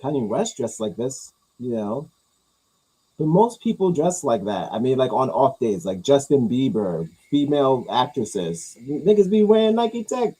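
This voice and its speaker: New man, profane rambling vlog commentary, lively pitch, warm and dark tone. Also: unhurried, husky, rough recording. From New York. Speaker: commentary vlogger. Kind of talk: casual reaction commentary.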